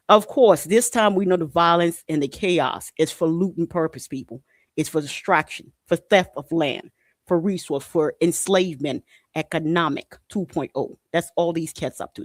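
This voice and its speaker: A man with a somewhat high voice talks through news articles on his podcast. He is blunt and indignant, curses freely and circles back to the same point again and again. The sound is close and dry. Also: no echo. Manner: blunt and indignant, swears, repeats himself. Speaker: podcast host. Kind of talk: casual commentary on news articles.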